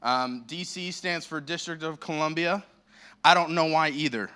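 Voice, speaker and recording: With a voice that's a little high, bright, forceful, and clean, this American guest pastor preaches at a moderate pace into a handheld microphone. In the church sanctuary he makes self-deprecating jokes as he rambles toward his sermon's message.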